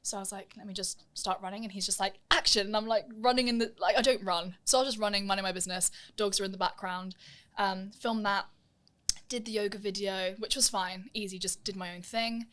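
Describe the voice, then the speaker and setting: A woman's voice: medium pitch, fairly even intonation, brisk, a bit bright. A young woman telling stories in a casual interview, acting out the voices of people she quotes. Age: young adult. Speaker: guest, musical theatre performer.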